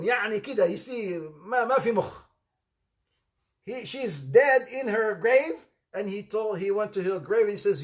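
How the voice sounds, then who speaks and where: A man giving an informal sermon, telling anecdotes in an animated way with laughter and repetition. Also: high-pitched. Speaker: Islamic preacher.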